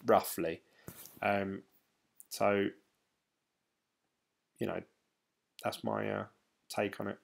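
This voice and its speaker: A man's voice: fairly low pitch, steady tone, measured pace, creaky, pauses often. Chatty man on a livestream. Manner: rambling, chatty, loose and informal. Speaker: crypto livestream host. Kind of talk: casual livestream chat reading viewer comments.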